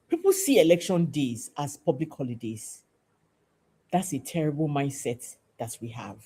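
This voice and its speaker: A Nigerian woman hosts a podcast, delivering a passionate civic talk to camera that is emphatic and preachy, repeating phrases for stress. Her voice is low-pitched, mellow, and husky.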